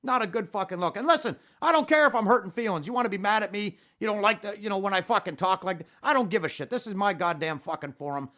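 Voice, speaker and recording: A man's voice: sits high, quick pace, few pauses, pushed and bright. A man hosting a podcast, ranting in a worked-up monologue with heavy swearing. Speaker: podcast host.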